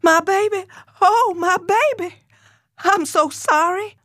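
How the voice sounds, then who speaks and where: A woman voicing a middle-aged mother who rants and screams in a high, strained voice. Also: animated, unhurried, a little mellow, dry recording, clean studio sound, natural voice. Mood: pleading. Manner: screaming, high-pitched ranting and begging.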